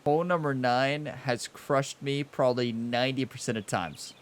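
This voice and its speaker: A young man hosting his own golf video game channel, chatting casually over gameplay, laughing often and swinging between frustration and excitement. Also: mid-range voice, moderate pace. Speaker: gaming channel host.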